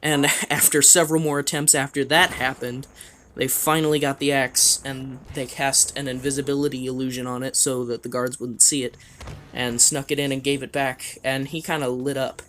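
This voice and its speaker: Male storyteller, mid-pitched, rambling and chuckling, faint noise behind. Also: little pitch movement, moderate pace, fairly bright tone. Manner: rambling, with frequent fillers and chuckles. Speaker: player recounting a game. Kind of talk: casual storytelling.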